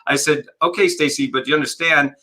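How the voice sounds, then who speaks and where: Guest coach, male, very bright voice, storyteller who acts out both sides of a conversation, video call. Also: fairly high pitch, brisk, rough recording. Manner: energetic storyteller, acts out dialogue. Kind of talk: conversational interview.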